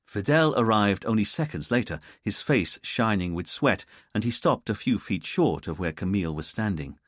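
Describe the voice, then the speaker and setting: A man narrating a mystery audiobook in an expressive storytelling manner. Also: on the low side, moderate pace, no echo. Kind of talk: scripted narration. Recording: dry close studio sound.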